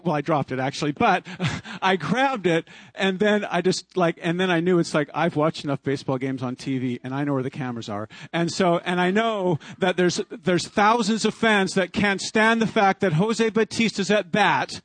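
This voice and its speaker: A man in his fifties, a preacher telling a personal story in a sermon, animated and often chuckling. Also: sits high, moderate pace, few pauses, no echo. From Canada. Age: 50s.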